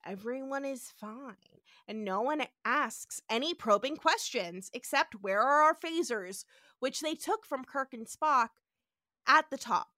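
A woman's voice: high-pitched, lively intonation, measured pace, sharp tone, no room sound, clean studio sound. A woman co-hosting a podcast, casually recapping an episode and acting out quotes with animation. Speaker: podcast co-host.

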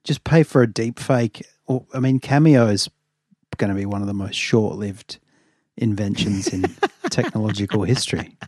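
A man co-hosting a podcast, his voice sitting a bit low with a slight rasp from a long day. He rambles and laughs easily. The sound is dry and close to the mic. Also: moderate pace, a little mellow, no echo. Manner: chatty, rambling, laughs often. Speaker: podcast co-host. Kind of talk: casual chat.

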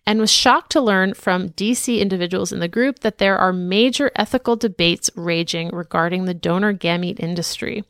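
A woman's voice: medium pitch, moderate pace, hardly any pauses, fairly bright tone, smooth, dry recording, studio quality. A woman co-hosting a podcast, chatting in a friendly, easygoing way and reading listener emails aloud. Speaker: podcast co-host.

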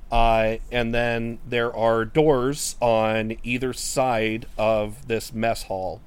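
A man as game master, narrating a tabletop game in an unhurried, halting way with many fillers. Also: medium pitch, steady tone, smooth.

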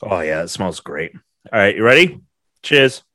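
An excitable man co-hosting a podcast, swearing and laughing through a drinking game. His bright, forceful voice leaps all over its range, and the sound is dry and close. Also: low-pitched, moderate pace, dry recording. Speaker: podcast co-host. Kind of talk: casual drinking-game chat.

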